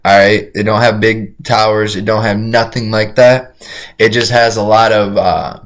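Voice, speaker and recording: A man streaming a reaction to a crime video, talking casually to his chat, excitable and profane, rambling with frequent restarts. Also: fairly low pitch, moderate pace.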